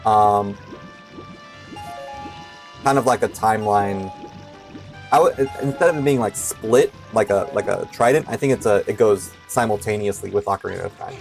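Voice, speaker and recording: A man's voice: on the low side, moderate pace, gravelly, long pauses, soft background music. A young man giving casual commentary while playing a video game, hesitant and full of filler words. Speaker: streamer.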